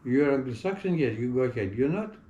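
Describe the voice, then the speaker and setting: A man's voice: medium pitch, animated, brisk, mellow, roomy sound, highs cut off. An older man with an accent, telling long stories from his working life in an interview and acting out the voices of people he quotes. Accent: non-native English accent. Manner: anecdotal storyteller who acts out quoted voices. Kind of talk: relaxed reminiscing interview.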